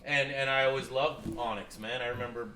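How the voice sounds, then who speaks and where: A man, a rapper as guest, telling a story in a casual chat, animated and swearing freely. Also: mid-range voice, fairly quick. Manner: animated, swears freely, acts out quoted phone calls. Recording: roomy with faint background noise.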